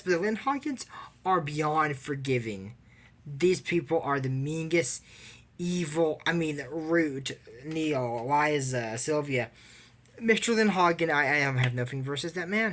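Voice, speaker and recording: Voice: medium pitch, a bit bright. A casual vlogger recapping an anime episode, rambling and opinionated, with lots of fillers.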